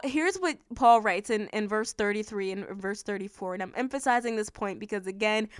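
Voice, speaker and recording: A woman hosting a devotional podcast, reading scripture softly and then preaching with fervent, emphatic exclamations. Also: medium pitch, smooth, no echo, studio quality. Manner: reads scripture slowly and softly.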